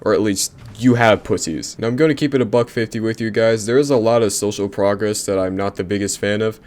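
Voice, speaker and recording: A man with a somewhat low, nasal voice rants in a profane comedic monologue. He swears constantly and gets heated, his voice leaping upward whenever something riles him. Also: a little fast, a little mellow. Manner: foul-mouthed, heated, voice jumps up when riled. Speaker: channel host.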